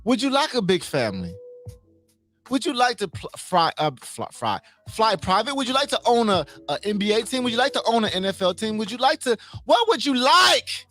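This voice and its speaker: Lively high-voiced man giving a pep talk. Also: brisk, dry recording, faint music behind. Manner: emphatic, repeats his points, asks the audience questions. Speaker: motivational livestream host. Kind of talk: casual motivational talk.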